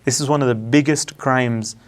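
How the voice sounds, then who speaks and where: A man in a religious discussion, quickly reciting Quranic verses in Arabic and then explaining them in English. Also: medium pitch, steady tone, a crowd in the background. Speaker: religious commentator. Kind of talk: discussion analyzing a religious letter.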